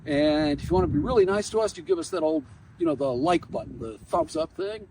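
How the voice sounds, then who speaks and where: Animated, gravelly-voiced male attorney. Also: fairly high pitch, fairly quick, far from the mic, noisy background. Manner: animated, self-mocking storytelling. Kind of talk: storytelling vlog.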